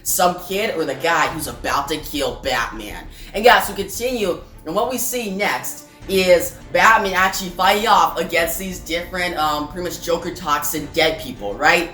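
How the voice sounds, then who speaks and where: Excited, chatty woman reviewer with a low voice and a roomy echo. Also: normal speed, few pauses. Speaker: comic book reviewer. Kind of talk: casual recap. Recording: roomy room, faint music.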